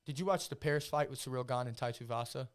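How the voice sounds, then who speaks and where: A man's voice: mid-range voice, fast talker. A man in his twenties hosting a casual podcast chat, talking in a profane, hyped-up, rambling way. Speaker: podcast host and amateur fighter.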